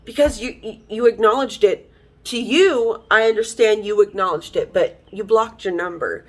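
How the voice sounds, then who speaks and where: A woman's voice: medium pitch, moderate pace. A woman talking frankly and emotionally in a personal vlog, heated, swearing freely and using lots of fillers. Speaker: vlogger.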